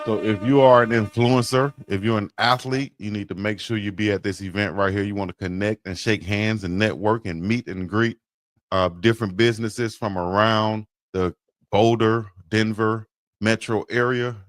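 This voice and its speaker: A man co-hosting a casual sports talk show, playful and quick to laugh. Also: fairly low pitch, steady tone, no echo, clean studio sound. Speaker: co-host.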